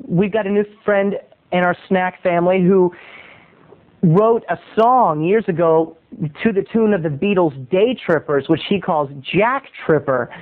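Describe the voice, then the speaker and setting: Chatty man telling stories over a tinny line. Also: high voice. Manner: chatty, animated storyteller. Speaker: video blogger. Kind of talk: casual storytelling monologue. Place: at home, lying on a bed. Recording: tinny phone-like sound.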